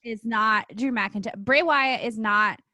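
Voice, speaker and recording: A woman's voice: a little high, measured pace, bright, forceful tone, no echo, highs cut off. A woman co-hosting a casual chat, giving emphatic, punchy opinions. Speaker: podcast co-host.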